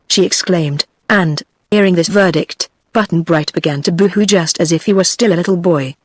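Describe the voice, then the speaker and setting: A text-to-speech woman's voice with a British English accent giving even, machine-smooth audiobook narration. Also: on the low side, moderate pace, few pauses, no echo, studio quality.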